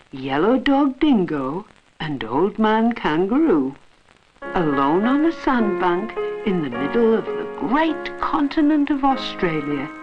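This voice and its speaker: A woman narrating an animated storybook film in a rhythmic, sing-song way. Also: mid-range voice. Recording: dull old film soundtrack with music.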